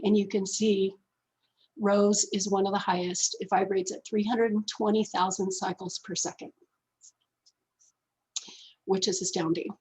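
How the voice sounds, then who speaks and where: A woman's voice: medium pitch, little pitch movement, a little slow, long pauses, darkish tone, rough recording. A woman teaching a gratitude class, effusive and emotional, laughing often as she explains.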